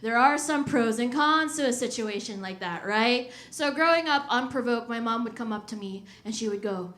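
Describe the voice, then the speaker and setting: A young woman from the Washington D.C. and Virginia area performing a stand-up comedy set on a live stage, animated and punchy as she works the crowd. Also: high voice, moderate pace, hardly any pauses, background noise. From Washington D.C. / Virginia area, USA. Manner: animated, crowd-working, punchy delivery with laughs in the voice.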